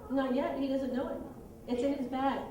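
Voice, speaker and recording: Woman, high voice, children's ministry teacher, brisk, herding kids, distant mic, echoey room. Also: steady tone, background noise. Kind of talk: directing a Bible story skit with kids.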